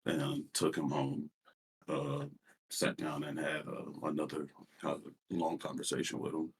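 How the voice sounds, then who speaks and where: A man calling in to a voice chat, speaking softly and haltingly with many restarts, a little far from his mic. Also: extremely low pitch, flat delivery, creaky, breathy edge. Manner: soft-spoken and halting, full of restarts. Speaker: caller. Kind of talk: casual call-in chat. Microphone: voice call mic held too far away.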